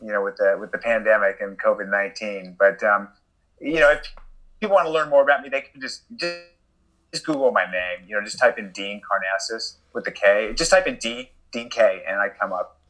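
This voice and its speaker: A man's voice: fairly low pitch, brisk, a bit bright, rough recording. A man being interviewed as a guest, chatting casually, laughing often and joking about himself. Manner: laughs often, self-deprecating. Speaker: guest, endurance athlete.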